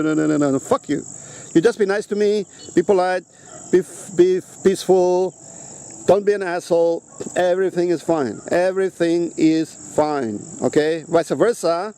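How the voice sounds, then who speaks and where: A man's voice: on the high side, mellow. A man ranting bluntly outdoors, swearing constantly and hammering his points home with repeated "okay?" checks. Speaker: vlogger. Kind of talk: outdoor rant to camera. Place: outdoors on a rock at sunset.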